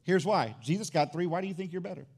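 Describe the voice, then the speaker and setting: A man's voice: high-pitched, fast talker, gravelly, a little mellow. A middle-aged man preaching a sermon in church as pastor, emphatic and repeating his key phrases.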